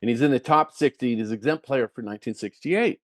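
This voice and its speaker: Older guy telling golf stories, animated, keeps restarting, dry close sound. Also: medium pitch, brisk, dry recording. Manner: animated, many restarts and repeated words. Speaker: guest, former touring golfer. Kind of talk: casual storytelling.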